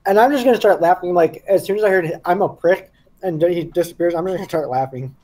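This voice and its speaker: A man taking part in a tabletop game, chatting quickly and eagerly. His voice sits high and sounds warm and mellow. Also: rough recording. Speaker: player. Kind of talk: tabletop role-play.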